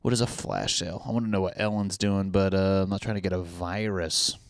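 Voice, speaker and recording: Low-voiced sarcastic profane man. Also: fairly even intonation, fairly quick, no echo, clean studio sound. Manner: profane, sarcastic, reads lyrics and captions aloud mockingly. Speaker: podcast host. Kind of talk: casual solo podcast rant.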